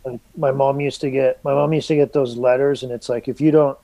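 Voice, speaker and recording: A man's voice: medium pitch, flat delivery, fairly quick, gravelly, dark tone, no room sound, poor audio. Laid-back man rambling, dry sound. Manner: rambling, lots of fillers and restarts, swears freely. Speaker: artist guest. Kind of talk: casual conversation.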